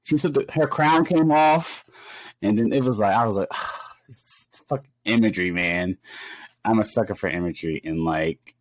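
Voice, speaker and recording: A man co-hosting a podcast, chatting casually and animatedly, with bursts of high-pitched exclamations and laughter. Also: moderate pace, no echo. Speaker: podcast co-host.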